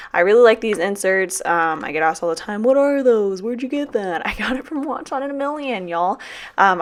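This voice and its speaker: A woman's voice: lowish voice, fairly bright tone. Tired, chatty young woman doing a voiceover. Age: 20s. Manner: chatty, rambling, with casual swearing. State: tired and drained. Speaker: planner vlogger and teacher. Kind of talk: casual voiceover.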